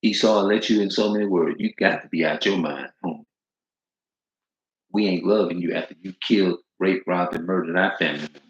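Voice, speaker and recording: A street preacher speaks at a moderate pace in a low-pitched male voice, reading scripture aloud and preaching informally. Emphatic, repetitive, and slangy, he bears down on stressed words; the recording is echoey and dull, lo-fi.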